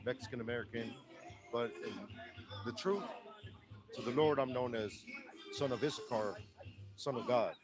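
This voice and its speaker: A man with a Texan accent giving earnest, halting answers in a street interview, often restarting his words. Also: medium pitch, music in the background, low-quality recording.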